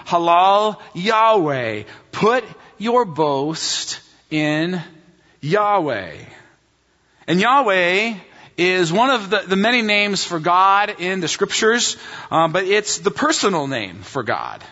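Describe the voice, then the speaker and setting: A man's voice: sits high, big pitch swings, slow pace, sharp tone. A man preaching a sermon as pastor, emphatic, repeating key phrases and calling his listeners friends. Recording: dull sound with long hall reverb.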